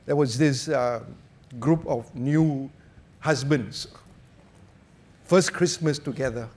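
A man preaching a sermon, telling stories and jokes in an animated way. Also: medium pitch, extremely slow, long pauses, husky.

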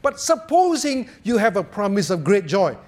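A man preaches a sermon in a notably high voice. His pitch swings widely as he tells stories and jokes with animated delivery. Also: normal speed.

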